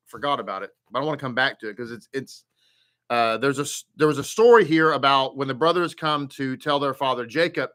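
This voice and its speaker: A man's voice: medium pitch, bright, forceful tone. A man leading a live Torah study, greeting viewers by name and chatting casually before he teaches.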